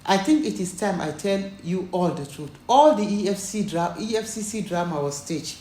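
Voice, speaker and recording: Steady heiress, measured and icy, put on by a woman narrator; room echo. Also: fairly low pitch, a little hiss or hum, lightly acted. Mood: firm. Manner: firm, measured, cool. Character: wealthy young Nigerian woman, calm and firm.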